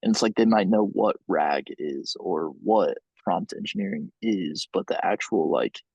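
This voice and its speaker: A man's voice: lowish voice, creaky, a little mellow, husky, no room sound, rough recording. A man in casual conversation, thinking aloud with hesitant restarts and fillers.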